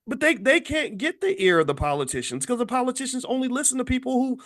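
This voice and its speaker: A man hosting an impassioned opinion commentary, swinging from low muttering to high outbursts. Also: lively intonation, quick pace, fairly bright tone. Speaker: host.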